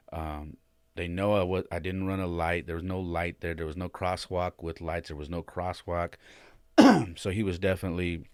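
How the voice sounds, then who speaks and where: A man with a very low voice tells a story in casual podcast talk, slipping into quoted voices and pausing on fillers. He sounds shaken. The recording is dry and close. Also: no echo. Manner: retells with animated quoted voices, many fillers. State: shaken and emotional. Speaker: podcast host.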